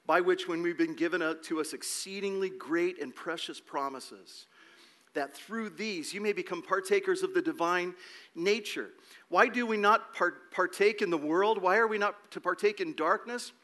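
A man's voice: on the high side, a bit bright. A man preaching a sermon as pastor, emphatic, asking rhetorical questions and repeating words as he goes.

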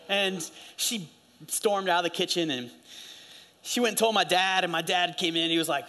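A middle-aged man preaching a sermon, telling stories with animated swings and acting out the voices of the people he quotes. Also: sits high, moderate pace. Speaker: pastor.

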